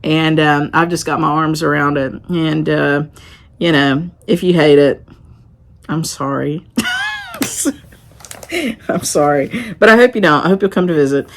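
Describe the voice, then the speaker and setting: A woman's voice: sits low, a little slow, pauses often. A middle-aged woman with a Southern Appalachian accent, chatting to camera about her stitching in a rambling, homey way. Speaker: shop owner and stitching vlogger. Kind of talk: casual chat to camera.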